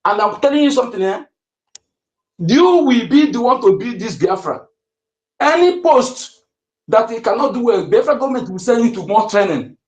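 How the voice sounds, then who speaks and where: Give me a man with a high voice, speaking to a room online. Make it heated and insistent, stumble into restarts and fillers, and repeat the key points. The sound should be roomy and echoing. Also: sing-song, moderate pace. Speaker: participant in an online audio space. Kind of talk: impassioned speech to an online audience.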